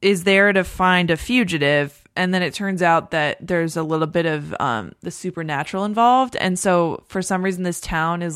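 A woman's voice: low-pitched, smooth, no echo, studio quality. A woman co-hosting a podcast in casual chat, talking in a chatty, rambling way with many fillers. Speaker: podcast co-host.

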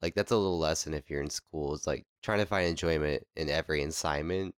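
A man's voice: rumbling low, quick pace, smooth, dry recording, clean studio sound. A man co-hosting a podcast, chatting in an easygoing, agreeable way. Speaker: podcast co-host. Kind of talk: casual chat.

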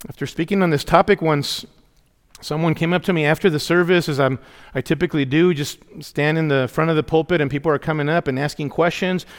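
A man's voice: on the high side, steady tone, brisk. A middle-aged male pastor preaching a sermon in a church, emphatic and often calling out to the congregation for a response. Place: church sanctuary. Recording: long hall reverb.

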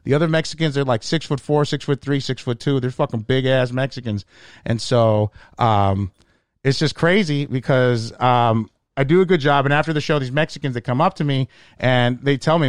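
A male stand-up comedian telling stories in casual podcast chat, profane and animated, slipping into put-on voices. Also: mid-range voice, normal speed, no echo, studio quality.

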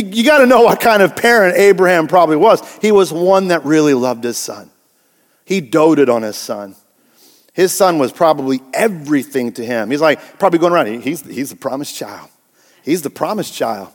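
A man preaching a sermon as pastor, playful, acting out little voices and slowing down for emphasis. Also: on the high side, expressive, long reverb tail. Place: church sanctuary.

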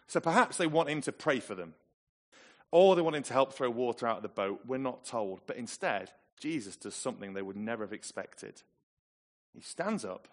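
A man from England preaching a sermon, telling the story with lively, dramatic emphasis. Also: mid-range voice.

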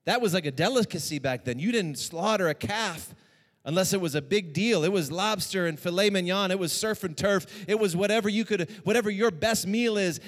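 A man delivers a lively sermon, repeating key lines to drive them home. His voice sits slightly high for a man. A long reverb from a large hall follows his words. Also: a little fast. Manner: animated, repeats lines for emphasis. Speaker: preacher.

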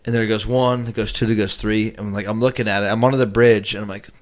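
A man's voice: lowish voice, quick pace. A man from Florida co-hosting a casual podcast, telling a rowdy story full of swearing and constant "right?" check-ins. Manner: excitable, swears constantly, keeps saying "right?". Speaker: podcast co-host.

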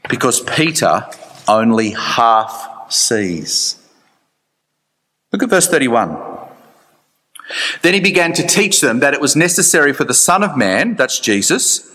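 A man preaching a sermon in church, chatty and animated with dry asides. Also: medium pitch, big-room sound. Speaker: pastor.

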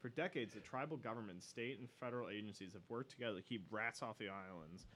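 A man's voice: lowish voice, fast talker, a bit bright, slight background noise. A man co-hosting a casual podcast, reading a news story aloud with profane, sardonic asides. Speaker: podcast co-host.

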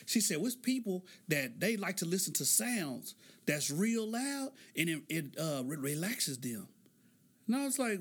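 Middle-aged man, high bright voice, loose comedic podcast monologue. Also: very animated, moderate pace, husky. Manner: joking, loose storytelling with laughs. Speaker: podcast host.

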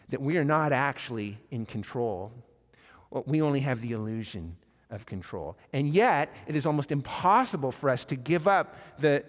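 Male pastor, sermon delivery, lively storyteller who voices the quotes; long hall reverb. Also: mid-range voice.

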